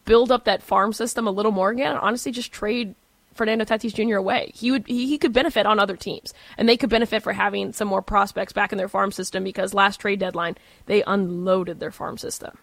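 A woman's voice: mid-range voice, steady tone, vocal fry, fairly bright tone, dry recording. A young woman co-hosting a sports talk radio show, giving confident, opinionated takes backed by stats. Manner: confident, opinionated, quick stat recall.

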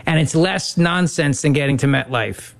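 A man's voice: fairly high pitch, normal speed, creaky. A man hosting a radio show, teasing his co-host with dry sarcasm. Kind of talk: casual radio banter.

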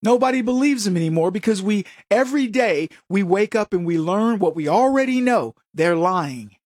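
Combative high-voiced male commentator. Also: lively intonation, moderate pace, no room sound, studio quality. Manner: combative, sarcastic, mocking quoted voices. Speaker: political commentary host. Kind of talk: talk show monologue.

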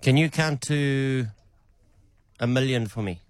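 A man's voice: mid-range voice, takes it slowly, dry recording. A man with a mid-range voice, quizzing an AI in a playful, probing way. His voice is close and dry, with no room sound. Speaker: caller testing an AI.

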